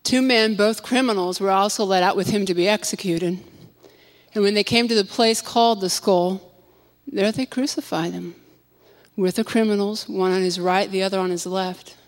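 A woman giving a dramatic scripture reading. She drops to a near whisper on the quiet lines. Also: mid-range voice, normal speed. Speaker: scripture reader. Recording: long hall reverb.

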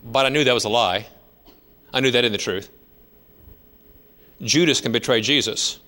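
A man's voice: mid-range voice, moderate pace, sharp tone. A man in his fifties preaching a sermon, telling stories in a conversational way with emphatic rises. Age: 50s. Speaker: pastor.

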